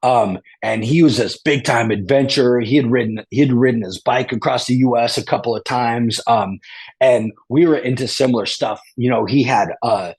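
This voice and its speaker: A man with a slightly husky, mid-pitched voice tells a story as an interview guest. He rambles and restarts often, dropping casual slang as he goes. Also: normal speed, a little mellow.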